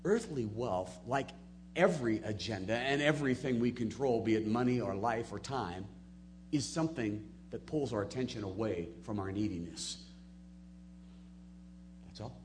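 A man preaching a sermon, moving between soft, low asides and loud, emphatic peaks. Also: animated, normal speed, slight background noise. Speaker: pastor.

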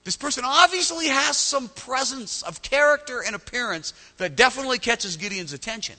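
A male pastor preaching a sermon, animated, often repeating words as he starts a phrase. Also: very high voice, fairly quick, in a large hall.

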